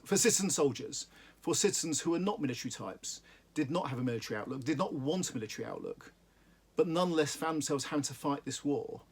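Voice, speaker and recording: Husky man musing on a book. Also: medium pitch. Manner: halting, thoughtful, many restarts. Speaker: book reviewer. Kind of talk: reading aloud and book commentary.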